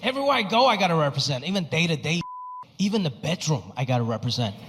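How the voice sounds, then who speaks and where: High-pitched man doing stand-up in a hall. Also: quick pace. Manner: animated, acts out other people with big pitch jumps. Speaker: stand-up comedian. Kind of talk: stand-up comedy set. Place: comedy stage before a live audience. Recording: live hall reverb with crowd noise.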